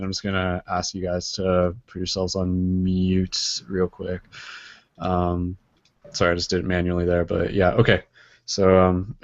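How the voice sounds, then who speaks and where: A man with a very low voice hosts an online hangout in a relaxed, chatty way. He slows down when guiding the group through breathing. The sound is dry and dull, like a video call. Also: no echo. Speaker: host. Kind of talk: casual online hangout hosting, then guided meditation.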